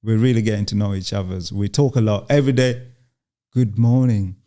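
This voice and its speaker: A young man from Uganda, a guest in an interview, telling his story in a halting way with many restarts and quoted lines. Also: on the low side, mellow, clean tone. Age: young adult.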